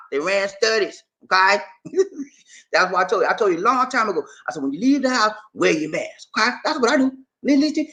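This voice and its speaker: A man hosting a casual livestream, answering viewers' comments in an animated, preachy way and often tagging his sentences with "man" and "y'all". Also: sits high. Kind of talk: casual live chat with viewers.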